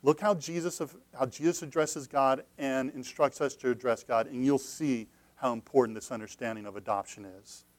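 A pastor preaching a sermon, earnest, repeating phrases and moving between hushed, low passages and loud, emphatic cries. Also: male voice, steady tone, moderate pace, hardly any pauses, dry recording.

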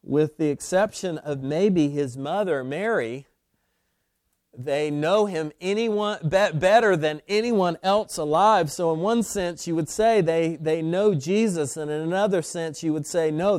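A man's voice: fairly high pitch, a little mellow, dry recording, clean studio sound. A man preaching a sermon, opening with prayer and building to emphatic, rising points. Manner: slow, deliberate preaching that builds to emphatic peaks. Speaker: pastor.

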